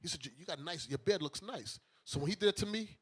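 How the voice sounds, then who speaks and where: A middle-aged man from Brooklyn, a bishop telling a story to his congregation in a casual, animated way and acting out each person's lines himself. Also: a little high, quick pace, husky. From Brooklyn, United States. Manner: animated, acts out the other voices in his stories.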